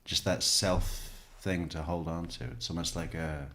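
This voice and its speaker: A man's voice: low-pitched, steady tone, unhurried, a bit bright. A man giving casual true crime commentary, sarcastic and mocking as he mimics what he watches.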